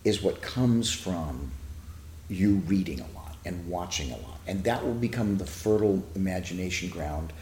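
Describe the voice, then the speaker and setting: A man's voice: sits low, expressive, normal speed, a little mellow, a little hiss or hum. An older man, a TV writer, chatting as an interview guest, telling long rambling stories and acting out quotes. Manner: rambling storyteller who acts out quotes. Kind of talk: casual interview chat. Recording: echoey room.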